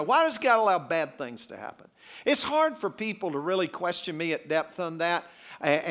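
Guest preacher, male, fairly high voice that swings widely, humorous storyteller. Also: a bit bright. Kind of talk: sermon with personal storytelling.

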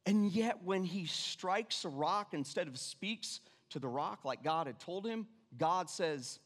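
A man preaching a sermon, animated, repeating his lines and dropping suddenly to quiet. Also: sits high, slow, hardly any pauses. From Irish family background. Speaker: pastor. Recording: long reverb of a church hall.

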